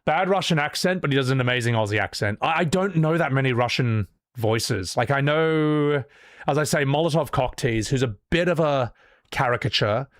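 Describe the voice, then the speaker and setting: A man's voice: medium pitch, normal speed, no echo, clean studio sound. A man streaming a game and voicing its characters, chatting casually, rambling, swearing freely and joking at his own expense. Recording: loud game music behind.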